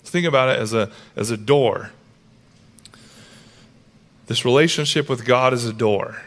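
A male pastor preaching a sermon, telling stories with lively acted-out quotes. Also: medium pitch, unhurried. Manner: animated storytelling, acts out characters with raised voice.

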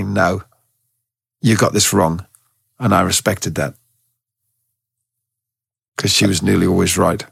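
A man who trains dogs, telling stories in a relaxed, rambling way as a guest in an interview, with a gravelly, husky voice. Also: on the low side, no room sound, clean studio sound. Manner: relaxed, rambling, with many restarts. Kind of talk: casual storytelling in a podcast interview.

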